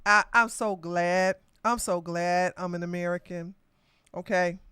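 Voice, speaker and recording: A woman hosting a political commentary podcast, talking loudly and emphatically with blunt slang and frequent laughter. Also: fairly low pitch, steady tone, a little slow, smooth, no room sound. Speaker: podcast host.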